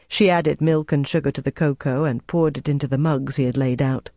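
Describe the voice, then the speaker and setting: A measured audiobook narrator, even and steady, with a middle pitch. The voice sits close to a studio mic in a dry, dead room. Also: dry recording. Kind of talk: scripted narration.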